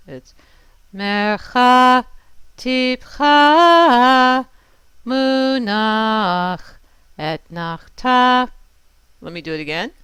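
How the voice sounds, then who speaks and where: A Torah cantillation teacher talks through each lesson slowly and patiently, stopping to chant every example. The voice is exceptionally clear and smooth. It is recorded close and dry, with no room sound. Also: mid-range voice, fairly bright tone, dry recording. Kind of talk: step-by-step lesson with sung examples.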